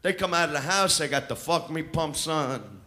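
A man's voice: fairly high pitch, expressive, normal speed, pushed and bright. A male stand-up comedian with a brash, crude, swaggering delivery on a comedy club stage. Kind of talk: live stand-up set. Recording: live club recording with crowd laughter.

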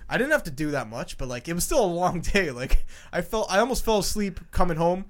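A young man co-hosting a podcast, telling crude stories in a loud, animated way and laughing along. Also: high-pitched, a little fast. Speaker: podcast co-host. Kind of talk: casual chat.

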